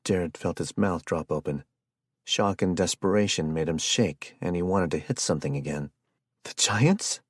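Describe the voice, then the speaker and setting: Un hombre que narra un audiolibro con lectura pausada y constante. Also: male voice, low-pitched, steady tone, husky, no echo, clean studio sound. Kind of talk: scripted narration.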